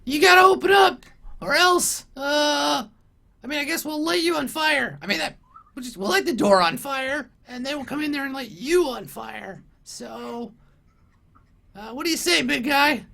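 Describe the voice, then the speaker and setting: A shrill, high little goblin lackey, blustering and shouting but forever glancing back for approval. He is eager and anxious. Listeners hear a squeaking creature voice. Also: animated, moderate pace, creaky, exaggerated voice. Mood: wheedling. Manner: shrill, shouting then wavering.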